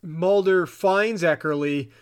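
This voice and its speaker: A man co-hosting a podcast, casually retelling a TV episode with animated asides and frequent laughter. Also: slow pace, clean tone. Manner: animated retelling, acts out quotes in high voices, laughs often. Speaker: podcast co-host. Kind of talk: casual recap chat.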